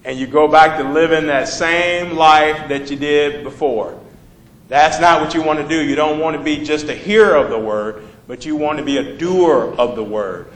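A man with a fairly high voice preaches in a loose, talky way, stopping to quiz his listeners and read out verses. The room around him rings with echo. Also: moderate pace. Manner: conversational, asks the congregation questions. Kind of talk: sermon.

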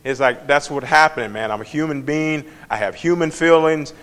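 Animated, chatty man teaching the Bible. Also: fairly high pitch, normal speed. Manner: conversational, animated, asks the listeners questions.

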